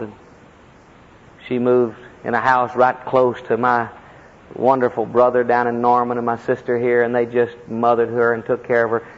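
A man preaching a sermon as a personal story, impassioned, with sudden leaps in pitch and heavy emphasis. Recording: echoey hall, dull lo-fi sound.

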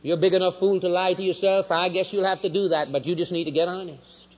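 High-voiced preacher man in a hall. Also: fairly even intonation, fast. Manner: impassioned preaching, swinging from loud highs to low quiet lines. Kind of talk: sermon. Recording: dull lo-fi recording in a reverberant hall.

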